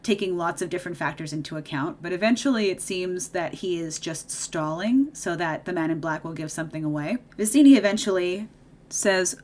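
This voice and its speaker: A woman's voice: on the low side, animated, brisk, hardly any pauses, darkish tone. A woman giving a casual movie recap while doing her makeup, chatty and opinionated, with sarcastic asides. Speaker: video creator.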